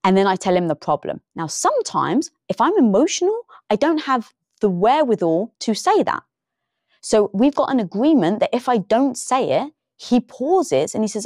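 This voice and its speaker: A woman guest in a casual interview, telling lively stories and acting out the lines she quotes. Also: fairly high pitch, normal speed, no echo, studio quality. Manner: animated storytelling, acts out quoted dialogue. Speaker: podcast guest.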